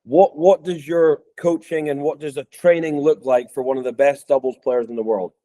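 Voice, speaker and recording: A man's voice: fairly high pitch, steady tone, moderate pace, mellow. A man in his thirties from Scotland, with a Scottish accent worn down by years in the US, hosting a podcast interview in a chatty way, full of ums. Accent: Scottish, softened by years in the US. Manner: chatty, with frequent ums and restarts. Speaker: podcast host. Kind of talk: casual interview chat.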